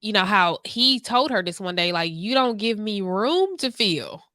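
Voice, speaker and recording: A woman co-hosting a podcast retells stories with gusto and acts out the people she quotes. Her voice is bright and forceful, and the recording is dry and close. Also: mid-range voice, normal speed, dry recording. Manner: animated storyteller, acts out quotes. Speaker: podcast co-host. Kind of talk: casual chat.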